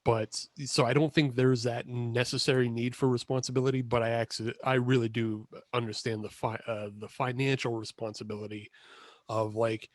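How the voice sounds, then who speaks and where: With a medium-pitched voice, little pitch movement and a moderate pace, this podcast co-host is captured in a dry, clean studio recording. He chats casually over a video call, rambling, self-correcting and laughing frequently.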